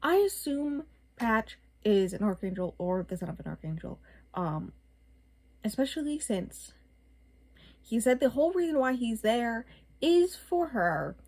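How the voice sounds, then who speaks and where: Exasperated young woman with a husky voice. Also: on the high side, unhurried. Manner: animated, exasperated, lots of filler words. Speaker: book reviewer. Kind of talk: casual vlog book rant.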